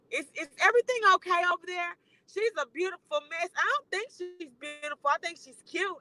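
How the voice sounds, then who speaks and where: A woman's voice: high-pitched, bright, forceful tone, rough recording. A woman livestreaming from her car while she drives, ranting bluntly and with plenty of profanity as a commentator.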